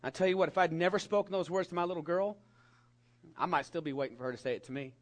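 A middle-aged man preaching a sermon to young people, animated and emphatic, dropping at times to a soft whisper. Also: on the high side, fast. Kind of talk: sermon to a youth congregation.

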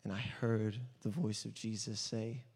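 An actor playing an earnest, desperate blind male beggar in a dramatic first-person monologue, swinging between hushed and loud storytelling. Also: fairly low pitch, level tone, a little slow, breathy edge, full character voice. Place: church hall. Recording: long church hall reverb.

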